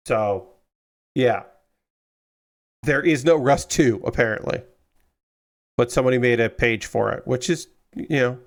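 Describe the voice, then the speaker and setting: A man hosting a model kit build stream, chatting casually and tiredly, rambling with lots of fillers and the odd swear word. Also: medium pitch. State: tired and yawning. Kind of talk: casual chat while building.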